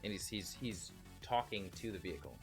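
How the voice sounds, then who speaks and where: A man's voice: deep voice, expressive, a little fast, soft background music. A man narrating as game master, with many fillers and restarts.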